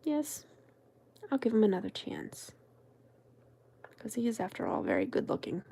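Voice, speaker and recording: A woman's voice: medium pitch, wildly swooping pitch, normal speed, creaky, mellow, breathy edge, full character voice. A woman voicing a hesitant young woman who is nervous about a man, talking to herself in a whispered role-play. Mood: fretful.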